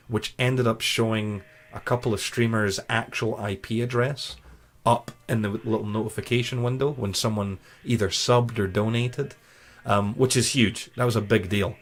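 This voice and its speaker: A man giving an informal instructional talk on streaming safety, conversational and full of "you know" and quick self-corrections. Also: lowish voice. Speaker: streaming educator.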